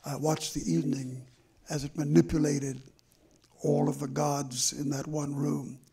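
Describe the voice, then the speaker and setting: An older man, a memoir author, telling stories from his life slowly and reflectively at a live talk on stage. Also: fairly high pitch, little pitch movement, creaky, warm tone, slightly rough. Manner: slow and reflective, with drawn-out pauses. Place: stage event before an audience.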